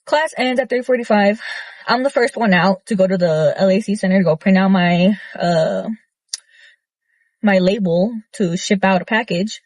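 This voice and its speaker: A young woman recounting a story in a loose, casual rant, blunt and swearing often. Her voice sits at an ordinary middle pitch. The sound is close and dry, with no room around it. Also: normal speed, dry recording. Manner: blunt, profane, animated retelling with many fillers. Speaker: vlogger.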